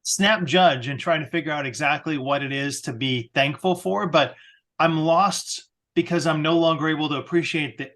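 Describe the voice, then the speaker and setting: A man with a mid-pitched voice co-hosts a casual podcast. He talks earnestly and asks a lot of questions, often in quick bursts. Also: fairly bright tone. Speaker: podcast co-host.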